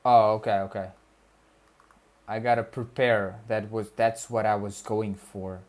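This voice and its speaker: A young student streamer chats casually with his viewers, rambling, repeating himself and joking in slang. His voice is fairly low, a little mellow and flat, and he speaks a bit slowly.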